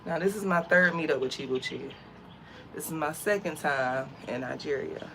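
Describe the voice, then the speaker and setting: A woman's voice: low voice, normal speed, vocal fry, slight background noise. A young woman from the States telling a story in a chatty, slangy vlog, outdoors. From United States. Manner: chatty, animated, uses slang. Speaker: vlogger.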